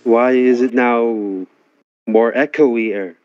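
A man's voice: medium pitch, fairly even intonation, drawn-out words. A man on a voice call with a friend, blunt and teasing, swearing freely. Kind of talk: casual voice chat. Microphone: voice chat over internet. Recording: dull voice call audio.

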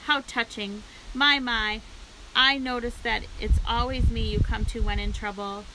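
A woman's voice: a little high, steady tone, measured pace, noisy background, natural voice. A woman voicing a lazy male rat who grumbles and mocks sarcastically, in a storybook read-aloud. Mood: mocking. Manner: sarcastic, mocking and complaining.

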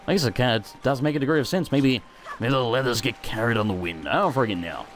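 A young man hosting a let's play, commenting in a sweary, self-mocking, excitable way. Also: medium pitch, quick pace, a little hiss or hum. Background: faint game music.

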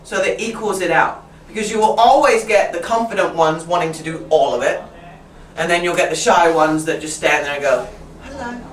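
A woman's voice: fairly low pitch, brisk. A woman training teachers in a casual workshop talk. She laughs often and mimics her pupils' voices as she explains. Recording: roomy sound from a distant mic, faint room noise.

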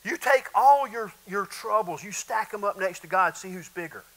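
Bright high-voiced male pastor preaching. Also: animated, moderate pace, rough recording. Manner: conversational preaching with bursts of shouting and laughter. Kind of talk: sermon.

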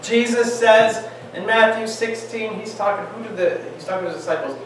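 A man teaching a Bible class, lively and joking, firing off questions at his students. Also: sits high, fairly quick. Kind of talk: classroom lecture. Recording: echoey room, distant mic, faint hiss.

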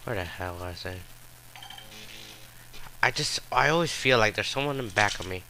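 A man's voice: on the low side, expressive, moderate pace, vocal fry, noisy background. A man giving live gameplay commentary, frustrated and trash-talking with profane outbursts.

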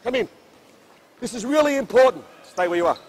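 A man's voice: extremely high pitch, expressive, fairly quick, slight background noise. A man coaching a basketball practice on an indoor court, barking short commands and then explaining drills at length.

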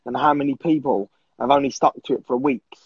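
A man's voice: mid-range voice, steady tone, fairly quick, husky, no room sound, lo-fi sound. A man in his twenties, a podcast guest, talking casually and bluntly with lots of swearing. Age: 20s.

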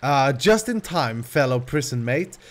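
A man voicing a dim male villager prison mate, reading slowly in a low, mock-grand way. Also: sing-song. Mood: mock-ceremonial.

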